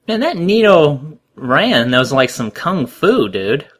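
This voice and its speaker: A man co-hosting a casual watch-along commentary, animated and jokey, swearing casually. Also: a little high, slow pace. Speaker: commentary co-host.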